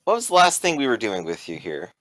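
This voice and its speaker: Lively-voiced man running a tabletop game. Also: fairly low pitch, fast, dry recording, low-quality recording. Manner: relaxed, joking, with many fillers. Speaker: game master.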